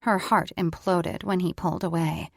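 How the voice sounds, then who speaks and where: A woman reads fantasy fiction aloud in a measured, even way. Her voice is on the low side. The sound is dry and close. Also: gravelly, no room sound. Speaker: audiobook narrator. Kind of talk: scripted fiction narration.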